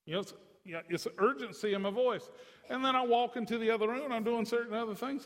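A man's voice: extremely high pitch, quick pace, a bit bright, long reverb tail. A man preaching a sermon to a congregation, with a conversational, joking manner. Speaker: pastor.

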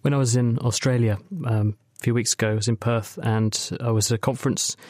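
A man's voice: medium pitch, flat delivery, fairly quick, a little mellow, no room sound, studio quality. A man in his thirties hosting a science podcast panel, quizzing the guests and sharing anecdotes. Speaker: host.

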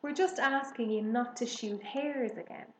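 A woman voicing a kindly, sensible village woman who speaks in a warm, matter-of-fact way, in a slow, echoey room. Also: on the high side, a little hiss or hum, lightly acted.

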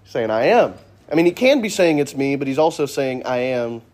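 A man's voice: medium pitch, big pitch swings, a little fast, darkish tone. A man teaching a casual Sunday Bible class in a church classroom, joking and asking the class questions.

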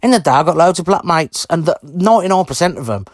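A man's voice: on the high side, very animated, fast talker, no echo, clean studio sound. A man delivering an angry, heavily sworn ranting monologue to camera, blunt and indignant. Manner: heavy swearing, blunt and indignant.

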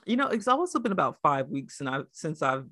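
A woman co-hosting a podcast in casual chat, profane, animated and teasing. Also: sits low, fairly quick, no room sound, studio quality. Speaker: podcast co-host.

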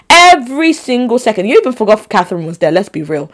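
Animated, opinionated woman podcast host. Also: mid-range voice, normal speed. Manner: animated, opinionated, laughs often. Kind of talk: solo podcast chat.

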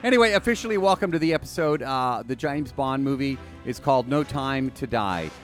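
A man hosting a podcast in casual chat, excitable, chatty and playful. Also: medium pitch, fairly quick, soft background music. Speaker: podcast host.

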